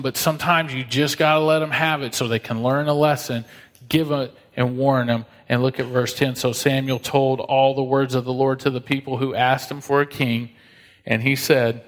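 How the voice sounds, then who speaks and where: A pastor giving a conversational sermon, reading scripture and acting out God's voice. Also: male voice, fairly high pitch, fairly bright tone. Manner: conversational preaching, acts out God's voice. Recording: long hall reverb.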